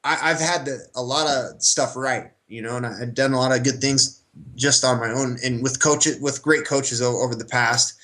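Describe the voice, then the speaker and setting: A fighter answering interview questions in a relaxed way, often pausing with fillers. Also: male voice, medium pitch. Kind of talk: casual sports interview.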